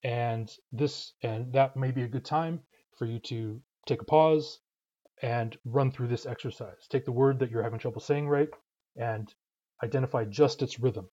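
Mellow-voiced man teaching pronunciation rhythm. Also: medium pitch, moderate pace, dull audio. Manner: patient, methodical, demonstrates rhythms aloud. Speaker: language teacher. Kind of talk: spoken language lesson.

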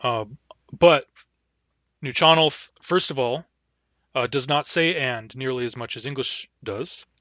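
A man giving a recorded language lecture, patiently repeating words slowly for learners. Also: mid-range voice, sharp tone, dry recording, lo-fi sound. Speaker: language teacher.

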